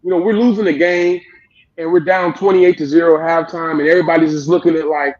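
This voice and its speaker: A man's voice: a little high, steady tone, a little fast, darkish tone, muffled recording. A man in his late thirties, a youth coach, talking animatedly and rambling with lots of restarts in a casual interview. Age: 30s. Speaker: youth football coach, guest.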